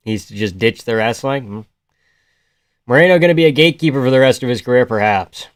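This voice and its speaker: A man's voice: medium pitch, quick pace, clear, resonant tone, no room sound, clean studio sound. Laid-back man streaming fight reactions. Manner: loud outbursts of excitement, then laid-back banter with chat. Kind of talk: casual live reaction commentary.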